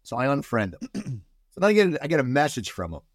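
Sex: man. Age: middle-aged. Style: animated podcast chat, lively pitch, dry sound. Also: fast, dry recording. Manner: animated storyteller, restarts a lot. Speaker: podcast guest.

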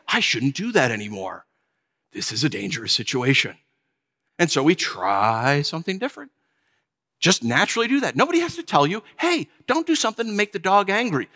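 A pastor preaching in a relaxed, joking way, slipping into little acted-out stories. His voice is fairly high and very bright, and it rings out with a long reverb through the church sanctuary. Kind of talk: sermon.

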